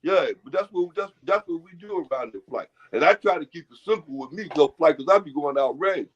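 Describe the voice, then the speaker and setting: A man with a fairly high voice rambles through a casual chat, looping back on his own words and dishing out folksy advice. The audio is muffled and lo-fi. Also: animated, fairly quick.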